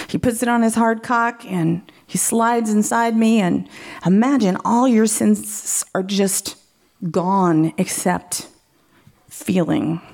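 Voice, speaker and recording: A woman's voice: mid-range voice, gravelly, a little mellow. A woman telling a frank personal story, candid and often laughing as she talks.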